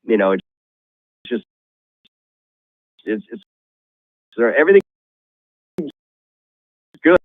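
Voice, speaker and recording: A middle-aged man telling a horse racing office story on a call-in show, halting and rambling with many restarts. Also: medium pitch, very animated, no room sound. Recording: tinny phone line.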